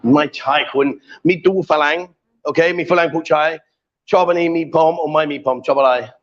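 A man with a fairly high voice hosts a casual live stream, reading out viewer comments in a jokey, teasing, coaxing way. He speaks at normal speed, and the sound is lo-fi.

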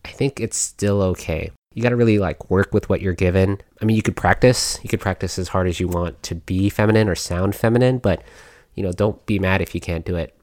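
A man's voice: low voice, a little fast, darkish tone, dry recording, studio quality. A man hosting a podcast, talking in a casual, rambling way with many fillers and little laughs. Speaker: podcast host.

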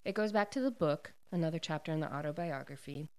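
A woman recaps a story in a relaxed, chatty way, with lots of "like"s, and briefly acts out the characters' lines as she goes. Her voice is smooth and clear and sits a little low. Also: fast. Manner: retells a plot with many "like"s, acts out quoted lines and laughs often. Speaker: book discussion host. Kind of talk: casual book recap chat.

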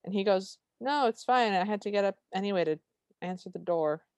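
A woman's voice: mid-range voice, a little fast, darkish tone, no room sound. A woman co-hosting a podcast, recapping a movie in casual chat with dry, wry humor. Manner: dry, wry storytelling with quoted lines. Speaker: podcast co-host.

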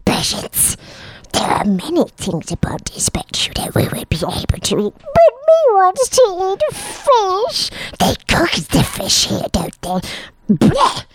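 A woman voicing a greedy, fussy cave creature with a croaking, whispery voice in an improv comedy podcast. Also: huge pitch swings, slow pace, hardly any pauses, no room sound, heavily acted, poor audio. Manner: whispery, croaking, jumps between squeaks and hisses.

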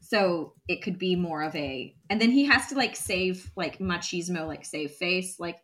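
A woman co-hosting a podcast, rambling excitedly through a book recap with lots of restarts. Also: on the low side, unhurried, few pauses. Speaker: podcast co-host. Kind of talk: casual chat, recapping a book.

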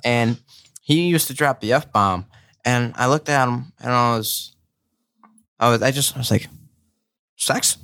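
A man co-hosting a casual chat, telling joking anecdotes with halting restarts. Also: medium pitch, fairly bright tone, clear, resonant tone, no room sound, clean studio sound. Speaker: podcast co-host.

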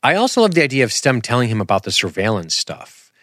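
A man hosting a podcast, talking in an animated, rambling, self-deprecating way and throwing in sound effects. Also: mid-range voice, quick pace, dry recording, clean studio sound. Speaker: podcast host. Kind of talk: casual podcast commentary.

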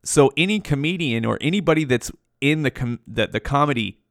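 Man, mid pitch, hosting his show solo; loose, profane, slangy rambling into a dry close mic. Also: animated, a little fast, dry recording. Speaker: podcast host. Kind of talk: rambling casual monologue.

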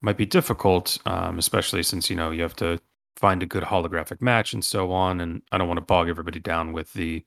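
Deep gravelly male game master. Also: steady tone, quick pace, fairly bright tone. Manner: rambling, many ums and restarts. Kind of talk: narrating a tabletop game.

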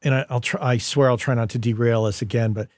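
A man's voice: medium pitch, fast, no room sound, clean studio sound. A man hosting a podcast, telling stories in casual conversation and livening up the people he quotes. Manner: storytelling, animated when quoting people. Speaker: podcast host.

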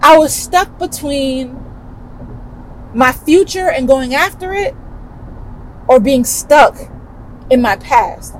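Animated woman podcast host telling a story. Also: sits high, slow, pauses often, a little hiss or hum, rough recording. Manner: animated, emphatic, conversational. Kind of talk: personal storytelling monologue.

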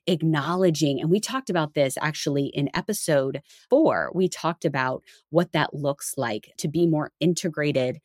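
Low-voiced woman, animated parenting chat. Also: normal speed, few pauses, dry recording, clean studio sound. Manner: animated, acts out quoted parents in higher voice. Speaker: podcast co-host. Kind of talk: casual faith-based parenting talk.

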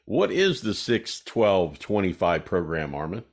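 A man's voice: low voice, very animated, unhurried. A man hosting a casual podcast, asking easygoing questions with hesitant fillers. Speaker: host.

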